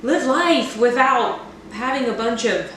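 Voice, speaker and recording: A woman's voice: a little high, expressive, measured pace, a bit bright, slight background noise. Chatty woman in an echoey kitchen. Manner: chatty and playful, self-deprecating. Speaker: cooking vlogger. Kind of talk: casual cooking demo chat. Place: home kitchen. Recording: echoey kitchen, mic at a distance.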